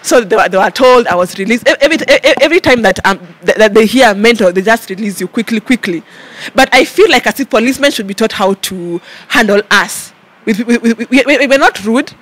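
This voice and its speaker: A woman with a Kenyan accent, an interview guest telling a personal story in an animated way, stumbling over many repeated words and restarts. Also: on the high side, brisk. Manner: acts out her own past shouting in quotes.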